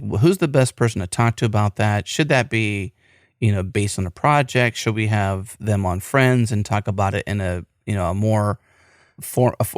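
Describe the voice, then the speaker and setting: A man's voice: on the low side, no echo, studio quality. A middle-aged American man hosting a podcast, rambling enthusiastically with frequent restarts. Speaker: podcast host. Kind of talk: casual podcast chat.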